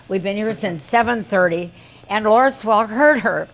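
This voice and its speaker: A woman in her eighties, a guest singer, telling lively show-business stories in a chatty way. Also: medium pitch, normal speed, poor audio. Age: 80s. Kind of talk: anecdotal storytelling.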